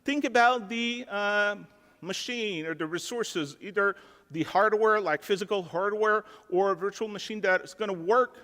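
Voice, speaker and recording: A man with a French accent walks a conference audience through a live technical demo in an easygoing, chatty way. His voice sits a little high, and he fills his sentences with casual fillers. The sound rings with the long reverb of a large ballroom. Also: moderate pace, sharp tone. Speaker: conference speaker.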